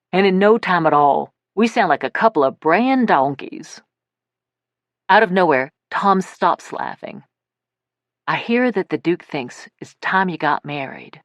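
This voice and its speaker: A woman narrates a first-person audiobook in a lowish voice with an animated, expressive rise and fall. She voices bits of dialogue as she tells the story. The recording is dry and close, with no room sound. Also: no room sound. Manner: lively storytelling, voicing dialogue.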